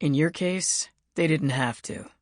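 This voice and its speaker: A woman narrator voicing a sardonic young male agent and failed wizard, with dry deadpan comebacks. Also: low voice, a little slow, no room sound.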